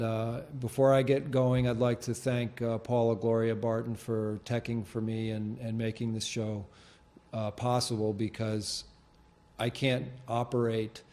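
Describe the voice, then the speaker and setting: A man hosting a local TV show from a studio, talking off the cuff in a halting, rambling way with lots of fillers and restarts. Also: on the low side, darkish tone. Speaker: host of a local cable show. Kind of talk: unscripted studio monologue. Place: TV studio with green screen.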